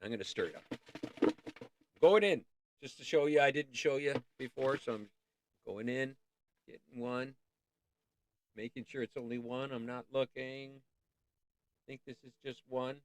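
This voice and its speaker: A man's voice: mid-range voice, measured pace, pauses often, no room sound. A man hosting a casual art livestream, rambling and easily sidetracked, breaking off to sing bits of songs. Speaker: livestream host.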